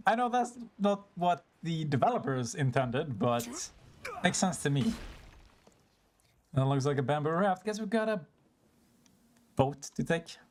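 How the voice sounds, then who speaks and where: Speaking slowly with long pauses, this streamer still sounds animated in a mid-range voice as he plays a game and rambles casually. He pokes fun at himself, curses occasionally, and laughs often.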